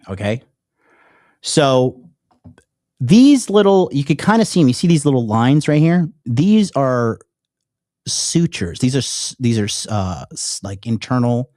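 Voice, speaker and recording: A man talking straight to his viewers in a loose, rambling way, swearing often and leaning hard on his points. His voice sits at a middle pitch. The sound is close and dry, with no room echo. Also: sing-song, slow pace, darkish tone. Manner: rambling, profane, emphatic. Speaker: online dating coach and YouTuber. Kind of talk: casual direct-to-camera chat.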